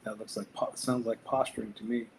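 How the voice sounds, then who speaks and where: A man's voice: on the low side, level tone, a little fast, gravelly. A man co-hosting a casual sports podcast, talking with wry, dry commentary. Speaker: podcast co-host. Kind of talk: casual chat.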